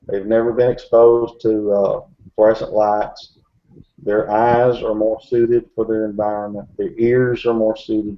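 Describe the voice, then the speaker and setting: A man chatting casually in a group discussion, rambling with many fillers and restarts. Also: on the low side. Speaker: Bigfoot researcher in a group discussion. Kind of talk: casual chat. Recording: dull lo-fi recording.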